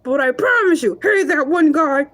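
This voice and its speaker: A woman's voice: sits high, animated, normal speed, a bit bright. A woman voicing a brash, self-proud male shark who hosts a live comedy show, talking in quavering, mock-outraged rants broken up by laughter. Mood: chatty. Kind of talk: live-stream comedy monologue.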